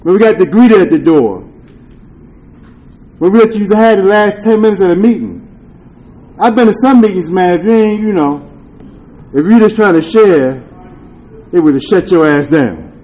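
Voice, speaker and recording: Poor audio captures a man at a recovery meeting whose notably high, mellow voice stays expressive as he speaks at a normal pace with long pauses. His testimony is candid, earnest and confessional, broken up by rueful laughs, full of street slang and swearing, with frequent checks of "you dig?"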